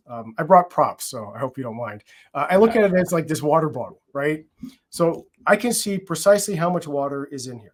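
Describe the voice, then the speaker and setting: A man working in product security, explaining his approach in a conference conversation, with frequent fillers and restarts. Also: on the high side.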